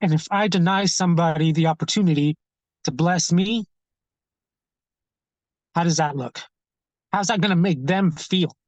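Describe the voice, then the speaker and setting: Earnest guy in an interview, kinda halting, keeps repeating words, dry close sound. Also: a little high, no echo, poor audio. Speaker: street ministry founder. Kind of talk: conversational interview storytelling.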